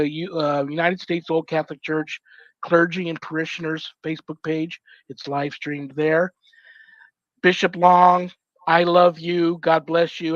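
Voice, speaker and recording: A man's voice: a little high, dry recording. A man hosting a talk show, saying affectionate goodbyes to his guests one by one. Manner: effusive, affectionate. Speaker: show host. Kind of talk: casual sign-off chat with guests. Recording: dull lo-fi sound.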